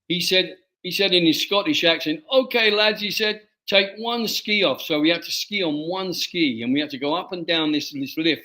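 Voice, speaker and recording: A man, an author being interviewed, telling a personal story in a halting way and often repeating his words. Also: fairly high pitch, sharp tone, low-quality recording. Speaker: author guest.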